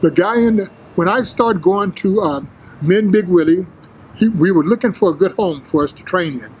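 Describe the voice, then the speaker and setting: An older man, a former bodybuilder, telling his story in a casual interview, animated and full of street slang, acting out the quotes. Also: high voice, moderate pace, slightly rough, muffled recording.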